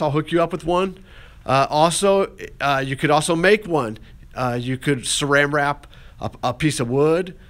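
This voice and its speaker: A man's voice: on the high side, a bit bright. A man teaching an art class, walking through a clay demonstration in a folksy, encouraging way with plenty of fillers and restarts.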